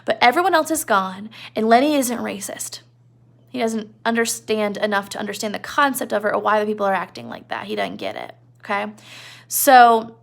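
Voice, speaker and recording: Gravelly-voiced woman teaching a novel. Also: a little high. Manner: conversational, explains with asides and checks. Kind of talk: classroom lecture retelling a novel.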